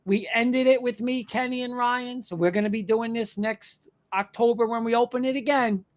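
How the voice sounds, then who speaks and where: A man's voice: extremely high pitch, fairly even intonation, moderate pace. A man hosting a live fan show, talking emphatically and repeating himself. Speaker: host.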